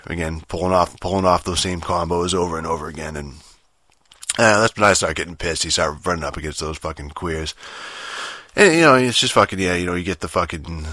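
Low-voiced man ranting casually. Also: sharp tone, no echo, clean studio sound. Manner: profane, rambling, heavy fillers and restarts. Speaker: gamer vlogger. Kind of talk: rambling casual rant.

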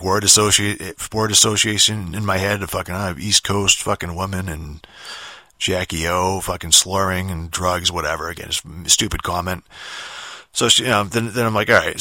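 A man's voice: sits low, bright, forceful tone, dry recording, studio quality. A man from Boston with a mumbly, slightly slurred voice, telling a long profane story in a rambling casual way, full of restarts and repeated words.

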